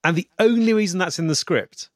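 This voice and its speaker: A man's voice: high voice, brisk, no echo, studio quality. A man co-hosting a podcast, joking drily about a film in casual chat. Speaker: podcast co-host.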